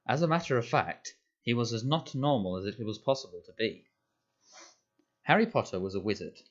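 A man reading an audiobook aloud in a measured storytelling manner. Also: fairly low pitch. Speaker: audiobook narrator. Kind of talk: scripted narration. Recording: dull lo-fi audio.

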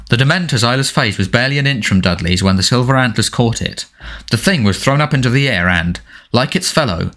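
Expressive male storybook narrator. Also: on the low side. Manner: dramatic, expressive reading. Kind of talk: audiobook narration.

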